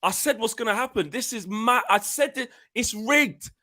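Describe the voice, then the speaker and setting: A man's voice: very high voice, moderate pace, bright, forceful tone. A man ranting and repeating himself as co-host of a live fan reaction chat on a video call.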